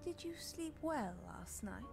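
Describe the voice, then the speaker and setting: A probing woman detective in a video game, asking direct, pointed questions. Her voice sits on the high side, with faint music underneath. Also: sing-song, measured pace, creaky, a little mellow, exaggerated voice.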